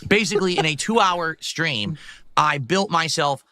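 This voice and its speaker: Bright-voiced man rambling on a livestream. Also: on the high side, moderate pace, dry recording, studio quality. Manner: rambling, reads out donor messages. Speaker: streamer host. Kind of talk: casual livestream chat.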